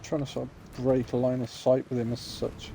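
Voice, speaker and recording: Mellow man talking through his game moves. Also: mid-range voice, completely flat delivery, moderate pace, vocal fry, slight background noise. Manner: casual, swears while explaining moves. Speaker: game player. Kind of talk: casual gameplay chat.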